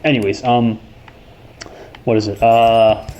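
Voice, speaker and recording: A man's voice: mid-range voice, flat delivery, takes it slowly, darkish tone, highs cut off, slight background noise. A young man from New York hosting a casual chat while playing a game, rambling, self-correcting and swearing freely. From New York, USA. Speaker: host. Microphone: desk microphone.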